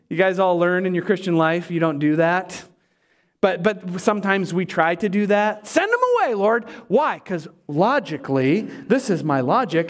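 A pastor delivering a sermon, emphatic and animated, with humorous asides to the congregation. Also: male voice, high voice.

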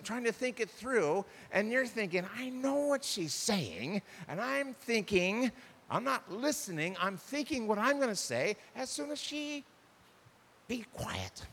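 A lively, high-pitched man preaching on marriage, his voice leaping up and down as he acts out quarrels between husbands and wives. He speaks in a large hall that rings with a long reverb. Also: vocal fry. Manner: animated, acts out quoted spouses. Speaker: pastor. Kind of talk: sermon on marriage communication.

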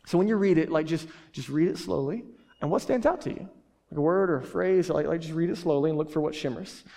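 A man's voice: fairly high pitch, darkish tone. A man preaching a sermon as pastor, casual and joking, full of fillers and restarts. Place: church hall. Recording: reverberant church hall.

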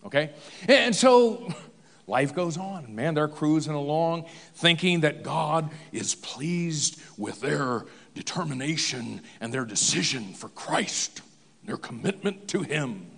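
Slow, humorous preaching man. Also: a little high, big pitch swings, vocal fry, fairly bright tone, long reverb tail. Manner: humorous storytelling, conversational. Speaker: pastor. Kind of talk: sermon.

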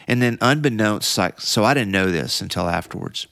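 A middle-aged man speaks in a lowish, smooth, clear voice, recorded dry and close. He tells his story casually and rambles, full of fillers and restarts. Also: animated, moderate pace, fairly bright tone, no room sound. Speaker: podcast guest.

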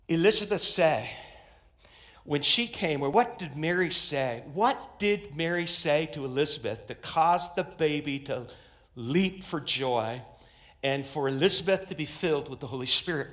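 A man preaching a sermon, swinging from hushed, slow lines to sudden shouted climaxes. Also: a little high. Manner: dynamic, swings between loud and hushed. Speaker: pastor.

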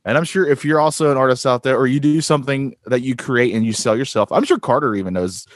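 This podcast co-host talks fast in a mid-range voice, rambling through a casual chat with plenty of fillers and restarts. The recording is clean studio sound with no echo.

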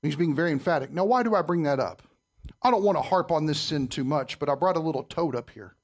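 A man preaching a sermon in church, quizzing his listeners and swinging between loud and soft. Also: on the high side, expressive, quick pace. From Southern United States. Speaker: pastor.

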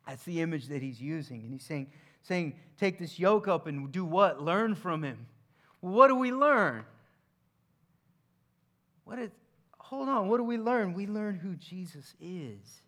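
A male preacher delivers a sermon in a relaxed, conversational way. His voice sits a little high for a man. He moves between emphatic points and soft, hushed passages. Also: normal speed.

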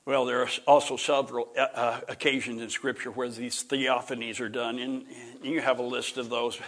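Rambling, throat-clearing male Bible teacher. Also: mid-range voice, level tone, moderate pace, a bit bright. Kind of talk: informal classroom lecture.

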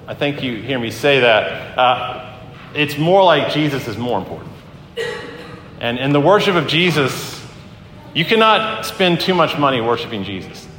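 A man preaches a sermon in a fairly high voice, talking earnestly and conversationally and often restarting his sentences. His voice rings out through a large hall with a long echo. A faint hum of the room sits behind him. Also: fairly bright tone. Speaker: pastor. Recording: echoey hall with faint ambience.

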